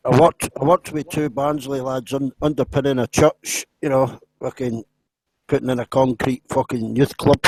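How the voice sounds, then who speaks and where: A man's voice: medium pitch, level tone, normal speed, darkish tone, no echo, low-quality recording. A man with an Irish accent in casual online group banter, swearing freely and laughing as he talks.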